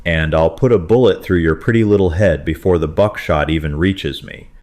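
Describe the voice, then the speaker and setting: A cruel outlaw boss, as a male narrator puts him on drawls each word slowly and with open contempt. His voice sits low and deep in the chest, and he sounds unhurried and menacing in this storybook reading. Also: darkish tone, close to an everyday voice. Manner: slow, sneering drawl.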